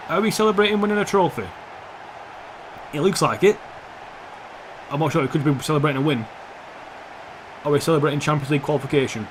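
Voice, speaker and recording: A young man commentates his football video game from his home setup. He swears freely and talks straight to the players on screen, his voice sitting a little high for a man. A faint hiss runs under the recording. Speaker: gaming YouTuber. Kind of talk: gameplay commentary.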